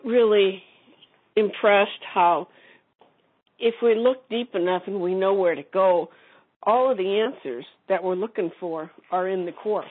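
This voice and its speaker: A woman's voice: mid-range voice, a little slow. A woman sharing a personal story casually in a group call, rambling with many restarts. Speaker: community call participant. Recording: phone-line audio.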